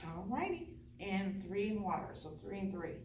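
A woman teaching a hands-on dental class, chatty and encouraging with quick asides. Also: medium pitch, animated, background noise. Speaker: dental assisting instructor. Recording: echoey room, voice from far off.

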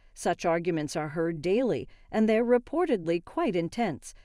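Woman reading a story out loud, low warm voice, dry close sound. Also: expressive, moderate pace, hardly any pauses, dry recording. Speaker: story narrator. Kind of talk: scripted first-person story narration.

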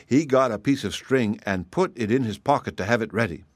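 A man reading a traditional children's story aloud, in a measured way that slows gently for effect. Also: mid-range voice, no echo, clean studio sound.

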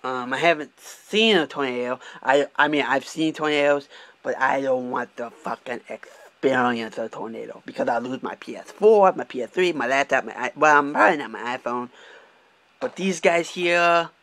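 A man's voice: mid-range voice, moderate pace, fairly bright tone, dry recording. A young man from Michigan talking candidly in a casual vlog, swearing often and restarting his sentences as he drives. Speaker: vlogger. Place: car, driving.

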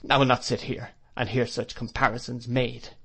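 A man's voice: medium pitch, level tone, moderate pace, fairly bright tone, husky. A man voicing a stern, cold, disapproving spinster woman in an audiobook reading, with clipped, scolding lines. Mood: scornful.

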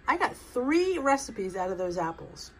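A woman's voice: a little high, sing-song, a little slow, faint music behind, rough recording. A woman hosting a home cooking video, talking viewers through a recipe in a chatty, rambling way. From United States. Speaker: cooking vlog host. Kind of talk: casual cooking demonstration.

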